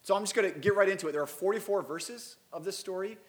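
A man's voice: sits high, fast, reverberant. A man preaching a Christmas sermon as pastor, reading scripture and breaking in with casual, self-deprecating asides.

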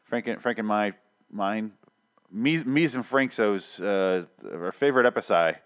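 Rambling, low-voiced podcast host man. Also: a little slow. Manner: rambling and self-deprecating, with many restarts. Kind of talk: casual podcast chat.

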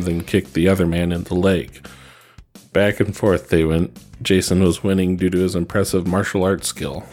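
A man reading fan fiction aloud in a steady, even narration. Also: low-pitched. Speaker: reader.

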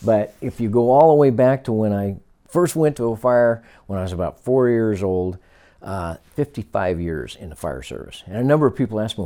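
A man's voice: fairly low pitch, lively intonation, normal speed, mellow. A man in his sixties from Northern California, a retired fire captain, telling stories in an interview and acting out the lines of people he quotes. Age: 60s. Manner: storytelling, acts out quoted dialogue. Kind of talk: oral history interview.

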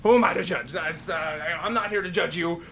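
A man co-hosting an improvised comedy podcast, excitable and prone to bursts of shouting. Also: sits high, brisk, gravelly, a little hiss or hum.

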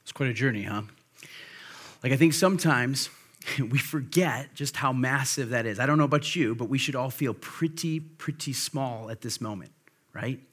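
Speaking in a mid-range male voice, this pastor delivers his sermon like a conversation, with fillers and false starts. Key phrases get slowed down and spoken quietly for emphasis.

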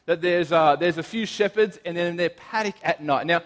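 A young man, preaching a casual sermon, telling stories in a chatty, animated way with lots of fillers and restarts. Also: a little high, fairly quick. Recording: long hall reverb.

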